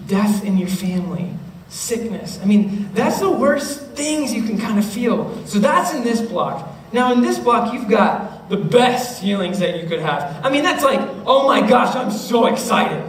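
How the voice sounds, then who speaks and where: A young man giving an animated youth talk to middle schoolers, often checking in with his listeners and acting out their voices. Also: sits high, unhurried, few pauses. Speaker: youth speaker. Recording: roomy, distant mic with faint noise.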